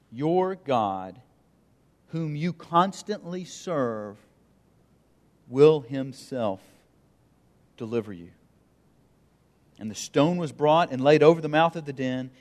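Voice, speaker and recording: A man preaching a sermon and reading scripture aloud, pausing for emphasis and letting his voice dip and swell. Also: medium pitch, darkish tone, in a large hall. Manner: reads scripture aloud, pauses for emphasis, dramatic dips and swells. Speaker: pastor.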